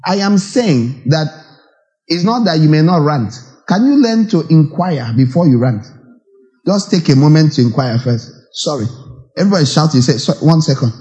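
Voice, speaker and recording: A man preaching a sermon, animated, with rhetorical questions and acted asides. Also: fairly high pitch, moderate pace, rough recording.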